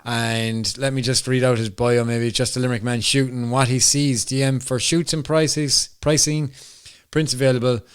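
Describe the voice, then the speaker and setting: A co-host with a Cork accent trades jokes and banter at a mid pitch. His voice is smooth and clear. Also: fairly even intonation, normal speed, hardly any pauses. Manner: jokey, laughing, banter. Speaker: podcast co-host. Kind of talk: casual chat.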